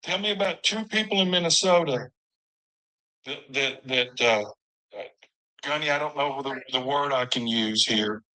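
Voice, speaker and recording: A man questioning a guest on a heated online debate panel, pressing and halting. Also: medium pitch, bright, forceful tone, poor audio.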